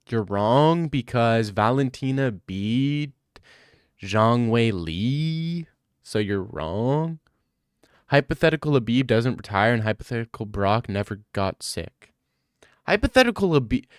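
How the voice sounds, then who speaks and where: Guy rambling and joking around on a podcast, normal pitch, dry close sound. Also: clear, resonant tone, no room sound. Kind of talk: casual chat.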